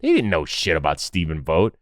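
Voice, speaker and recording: Animated low-voiced man telling stories. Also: a little fast, no room sound, studio quality. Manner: animated storyteller, acts out quotes in lowered voices. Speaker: podcast guest. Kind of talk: casual conversation.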